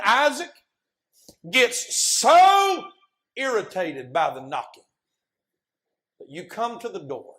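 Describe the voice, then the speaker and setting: High-voiced preacher shouting passionately. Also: male voice. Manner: impassioned, storytelling, often shouting. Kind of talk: sermon.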